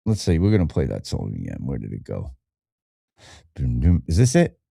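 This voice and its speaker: A man's voice: extremely low pitch, moderate pace, creaky, husky. A man hosting a podcast, ranting casually and swearing a lot while he thinks aloud and clicks through things. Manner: profane, animated, thinking aloud while browsing. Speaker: podcast host.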